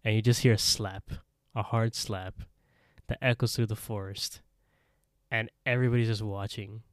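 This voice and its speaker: A man with a lowish voice recaps an episode for his podcast, telling it in an animated way and laughing often. The sound is dry and close, with no room around it. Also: moderate pace, no room sound. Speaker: podcast co-host. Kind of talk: casual chat recapping an anime episode.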